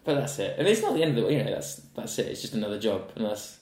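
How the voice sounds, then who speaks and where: A man's voice: lowish voice, lively intonation, fast talker, a little mellow. A man telling rambling stories as a podcast guest, full of restarts and fillers. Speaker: guest, actor. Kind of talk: casual podcast chat. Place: indoor room. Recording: roomy echo.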